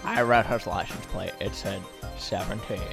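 Gravelly-voiced goofy man. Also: sits low, fairly even intonation, normal speed, over music. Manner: goofy, playful. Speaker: player. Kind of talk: casual podcast chat.

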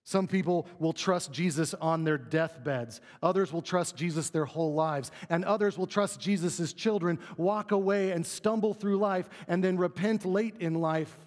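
Male pastor, fairly high voice, chatty sermon delivery, long hall reverb. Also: normal speed, hardly any pauses. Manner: conversational, asks the room "right?".

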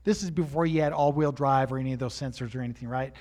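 A man preaching as he tells a personal story with animation, rising to shouts at the high points. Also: quick pace.

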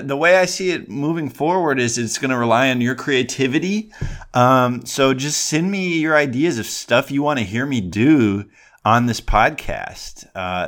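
A man's voice: mid-range voice, a bit bright. A man hosting a solo podcast from his desk, rambling and self-deprecating with lots of ums and restarts. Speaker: podcast host.

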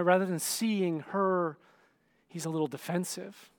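A man's voice: high-pitched, steady tone, measured pace, clear, resonant tone. A male pastor giving a conversational sermon, often checking in with the listeners and acting out scenes. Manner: dramatic, acts out scenes.

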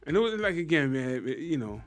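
A man's voice: a little high, very animated, a little fast. A man talking bluntly with friends, full of slang and swearing. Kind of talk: casual chat.

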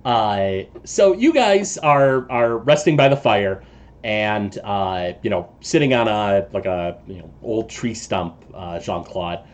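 Halting man narrating a tabletop game. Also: on the low side, lively intonation, dull audio. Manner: halting, many filler sounds. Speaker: game master.

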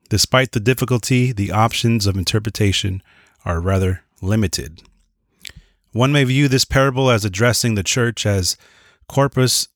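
A man with a fairly low voice teaches a Bible lesson. He reads from his notes in an earnest way, trips over words and corrects himself, and drops in casual asides. The sound is dry and close, with no room echo. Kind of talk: reading notes and explaining, with asides.

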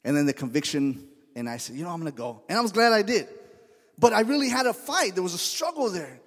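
Preaching man with a high voice in a reverberant church. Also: sing-song, fairly quick, breathy edge. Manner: conversational storytelling, acts out quoted voices. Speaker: pastor. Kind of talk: sermon. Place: church sanctuary.

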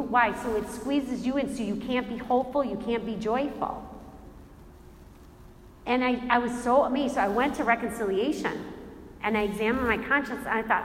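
A woman gives an animated faith talk, acting out the people in her stories and laughing as she goes. Her slightly high voice carries through a large, echoing hall with long reverb. A faint room ambience sits underneath. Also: normal speed, a little hiss or hum. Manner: animated storyteller who acts out quotes and laughs often. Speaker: Christian speaker. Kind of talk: faith talk with personal storytelling.

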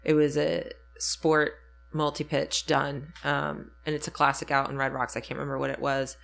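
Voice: medium pitch, flat delivery, normal speed, vocal fry, a bit bright. A speaker in casual chat, telling a story reflectively with frequent ums and self-corrections.

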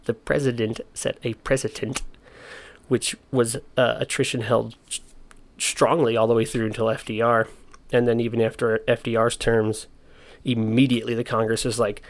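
A man's voice: mid-range voice, little pitch movement, moderate pace. A young man casually explaining history, with slangy, joking asides. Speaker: history presenter.

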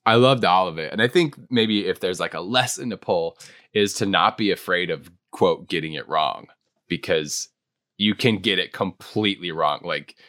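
A man's voice: low voice, normal speed, a bit bright, dry recording, clean studio sound. A man co-hosting an improv podcast in casual chat, speaking earnestly and reflectively, often repeating himself. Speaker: podcast co-host.

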